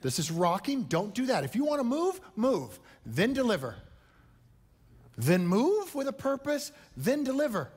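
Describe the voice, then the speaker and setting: A man's voice: very high voice, huge pitch swings, unhurried, darkish tone, husky. A man coaching a speaker with emphatic, punchy feedback, often checking in with "right?". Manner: emphatic, punchy, repeats "right?" and "you understand?". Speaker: speaking coach judging a contestant.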